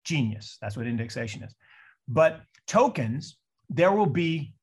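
Older man, 60s, from Seattle, lively investor talk on a call, slightly higher voice. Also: measured pace, breathy edge. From Seattle, USA. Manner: animated storytelling with mock voices. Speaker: investor speaker. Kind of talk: presentation on a call.

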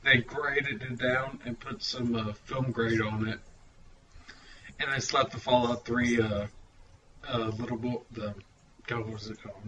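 A man's voice: medium pitch, fairly even intonation, unhurried, pushed and bright, a little hiss or hum, low-quality recording. A man hosting a casual podcast chat, rambling with lots of fillers and frequent laughter. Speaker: podcast host.

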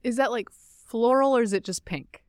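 A woman's voice: a little high, moderate pace, clear, resonant tone, no echo, clean studio sound. A woman from North Carolina and Georgia hosting a podcast, chatting casually and laughing easily. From North Carolina and Georgia, USA. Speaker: podcast host. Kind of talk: casual chat.

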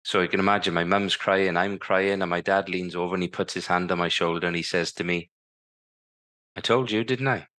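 A man's voice: low voice, completely flat delivery, quick pace, few pauses, pushed and bright. A man in his fifties, a podcast guest telling his story vividly and acting out the lines people said to him. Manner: vivid storyteller who acts out remembered dialogue. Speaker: guest, former Paralympic cycling champion.

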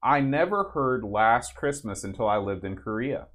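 An easygoing man hosting a casual podcast, reading out listener questions and swapping stories. His voice sits in an ordinary middle pitch. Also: animated, normal speed, fairly bright tone. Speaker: podcast host. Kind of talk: casual chat.

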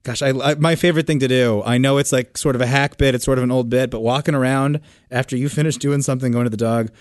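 A man's voice: mid-range voice, steady tone, fast talker, no echo. A man hosting a podcast, chatting casually in a jokey, self-deprecating way. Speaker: podcast host. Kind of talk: casual chat.

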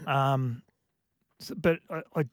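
A man, co-hosting a radio show, speaking in an emotional, reflective way with many halting restarts. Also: mid-range voice, clear, resonant tone, no echo, clean studio sound. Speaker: radio co-host. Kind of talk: casual radio chat.

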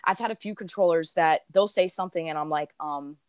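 A woman's voice: sits low, fairly quick, clear, resonant tone, no echo. Young woman host, slight Southern accent. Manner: friendly, rambling, lots of fillers. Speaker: podcast host. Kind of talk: casual interview chat.

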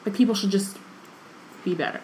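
A woman's voice: mid-range voice, a little fast, a little mellow, a little hiss or hum, poor audio. A woman co-hosting a casual chat, reading from a novel aloud and breaking in with wry, blunt asides.

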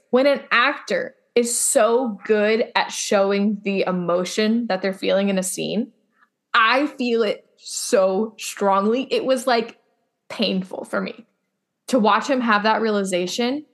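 Woman cohosting a chatty podcast, kinda high voice, blunt and emphatic, swears a lot. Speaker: podcast co-host. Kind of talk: casual chat recapping a TV episode.

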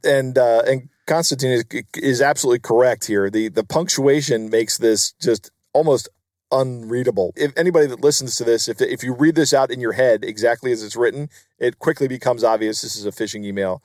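A man's voice: medium pitch, brisk, a little mellow, no room sound, clean studio sound. A man co-hosting a podcast, explaining things in an emphatic, conversational way. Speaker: podcast co-host. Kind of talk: casual chat.

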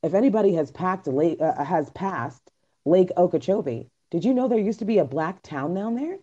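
A woman's voice: on the low side, expressive, normal speed, mellow. A woman hosting a podcast in casual chat, talking bluntly and emphatically with plenty of slang. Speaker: podcast host. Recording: dull lo-fi recording.

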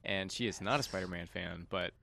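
A man co-hosting a casual podcast talks fairly quickly in a deep voice with vocal fry and a sharp tone. His casual chat is easygoing and hesitant, full of fillers.

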